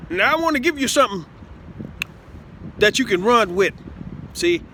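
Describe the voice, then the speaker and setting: Casting note: man, high and bright voice, halting off-the-cuff monologue, faint street noise behind. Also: expressive. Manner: halting, full of stammered repeats and "see?". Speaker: self-styled speaker addressing listeners. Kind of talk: rambling improvised monologue.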